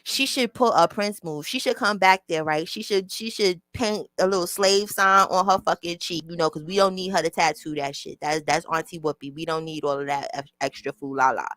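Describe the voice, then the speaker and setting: A woman with a lowish voice hosts a relaxed livestream, speaking bluntly and swearing a lot as she addresses her chat. She uses a small mic near her mouth, and there's no room sound.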